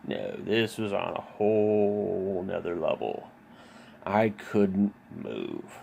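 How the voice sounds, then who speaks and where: A man's voice: sits low, lively intonation, slow pace, creaky, warm tone, lo-fi sound, slight background noise. A man telling a personal story in a rambling, casual way, with many fillers, restarts and swearing. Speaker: vlogger.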